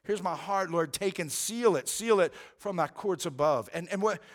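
Earnest high-voiced preacher. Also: male voice, normal speed. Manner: earnest, conversational preaching with frequent repeated words. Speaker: pastor. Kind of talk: sermon.

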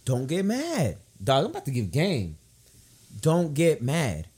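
A young man hosting a casual podcast, telling a story with lots of profanity and dropping into a low, confiding tone. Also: huge pitch swings, measured pace, darkish tone, husky. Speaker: podcast host.

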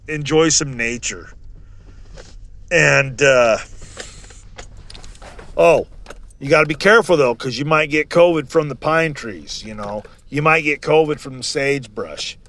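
A man's voice: a little high, fairly bright tone. A man hosting a survival channel, delivering a heated, indignant vlog rant with sarcastic asides. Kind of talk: casual ranting vlog.

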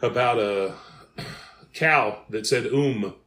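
A man's voice: medium pitch, slow, a bit bright. A male podcast host, telling stories in a folksy, drawling way and reading sponsor ads. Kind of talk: casual chat with ad reads.

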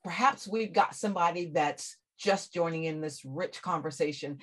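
A woman's voice: on the low side, normal speed, fairly bright tone. Effusive woman show host. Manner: effusive, addresses listeners directly. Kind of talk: radio-style interview hosting.

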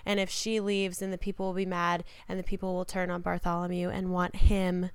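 Very clear-voiced chatty woman. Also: lowish voice, completely flat delivery, brisk, no echo. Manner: chatty, rambling, lots of "like". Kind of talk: casual chat.

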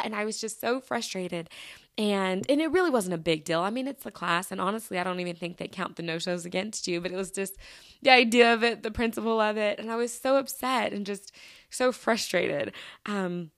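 A woman's voice: mid-range voice, lively intonation, brisk, dry recording. Chatty woman podcast host, dry close sound. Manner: chatty, with many fillers and restarts. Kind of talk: casual storytelling monologue.

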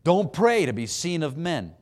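A middle-aged man delivers an animated sermon, acting out voices and having the congregation repeat phrases back to him. His voice is a little high and his pace unhurried.

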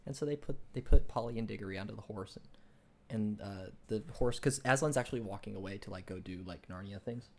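A young man co-hosting a casual podcast, retelling a book in a rambling way with many restarts and fillers, and growing excited when he argues ideas. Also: on the low side, fast. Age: young adult. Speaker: podcast co-host.

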